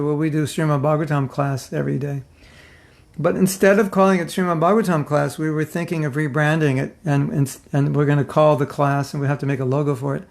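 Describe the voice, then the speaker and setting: A man's voice: a little high, vocal fry. A middle-aged man giving an informal, humorous spiritual class, joking with his listeners and acting out their reactions. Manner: joking, conversational, mimics others' reactions.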